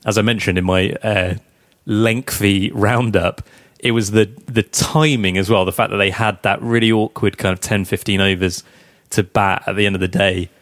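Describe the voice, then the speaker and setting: A man's voice: fairly low pitch, fairly even intonation, moderate pace, fairly bright tone, dry recording. A man co-hosting a casual cricket podcast, chatty and teasing, often laughing while he talks. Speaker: podcast co-host.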